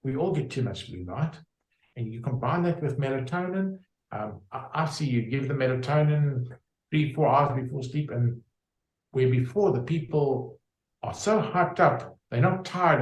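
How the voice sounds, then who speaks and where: A man describes his remedies in a conversational interview, stopping and restarting as he reaches for examples. His voice sits at a middling pitch, and the room around him is noticeably echoey. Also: normal speed. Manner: explains with homely examples, many fillers and restarts. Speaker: homeopath guest.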